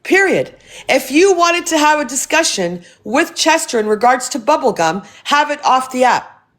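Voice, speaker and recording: A woman's voice: high-pitched, big pitch swings, normal speed, a bit bright. Heated woman ranting on a livestream. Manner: heated, profane, confrontational. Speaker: livestream host. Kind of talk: casual livestream rant.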